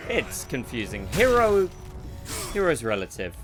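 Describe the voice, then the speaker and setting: Male game streamer, wry and sarcastic, mid-pitched voice, faint music behind. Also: expressive, moderate pace. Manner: joking, sarcastic, swears freely. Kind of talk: casual gameplay commentary.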